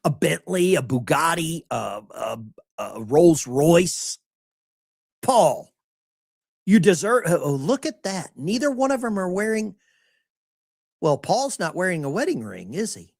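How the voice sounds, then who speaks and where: A man's voice: a little high, big pitch swings, unhurried, creaky, darkish tone, dry recording, studio quality. A man hosting a live stream, giving mocking commentary on the news and talking straight to his chat.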